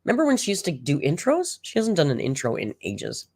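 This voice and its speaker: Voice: medium pitch, huge pitch swings, brisk, a little mellow, no echo. A speaker giving casual reaction commentary on an old clip, sarcastic and exasperated. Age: older than the clip's audience.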